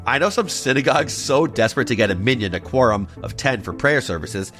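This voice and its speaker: A man narrates a history explainer with a lively, bouncing delivery, his pitch leaping around as he tosses in playful jokes and asides. Soft music runs faintly underneath. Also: a little fast, hardly any pauses. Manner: playful, animated, jokey asides. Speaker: podcast host.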